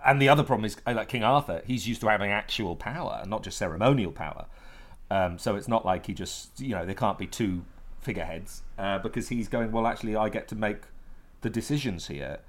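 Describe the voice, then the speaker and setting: A man guesting on a comedy podcast, delivering a mock news report in a deadpan, rambling way. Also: fairly low pitch, a little fast. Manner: deadpan, rambling with playful fake voices.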